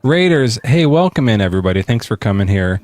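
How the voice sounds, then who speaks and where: A man hosting a casual podcast debate, loose and improvising, and quick to laugh. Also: mid-range voice, sing-song, darkish tone, a little hiss or hum. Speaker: podcast host and streamer.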